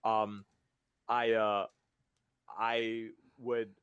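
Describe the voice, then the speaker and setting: A man's voice: on the low side, flat delivery, very slow, a bit bright, smooth, dry recording, dull audio. A man co-hosting a podcast in casual chat, rambling and often repeating words as he starts his sentences. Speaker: podcast co-host.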